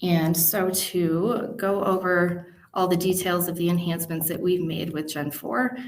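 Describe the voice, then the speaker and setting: A woman hosting a webinar, giving a smooth, steady product introduction. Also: lowish voice, a little slow, a little hiss or hum. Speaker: webinar host.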